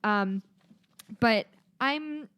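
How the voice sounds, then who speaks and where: A woman's voice: a little high, very slow, fairly bright tone, clean tone, no room sound. Woman, podcast co-host, casual chat, blunt, swears a lot, dry close sound. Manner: blunt, swears freely, acts out quoted voices. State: drinking wine.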